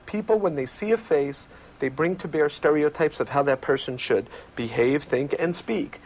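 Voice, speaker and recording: A male researcher giving measured, lecturing explanations in an interview. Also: fairly high pitch, darkish tone, slight background noise. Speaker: communication researcher.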